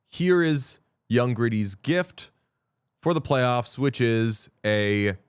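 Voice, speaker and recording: Man, podcast host, smooth clear voice, dry close sound, rambling jokey chat. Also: medium pitch, animated, slow pace, no echo. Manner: rambling, self-correcting, jokey. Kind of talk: casual chat.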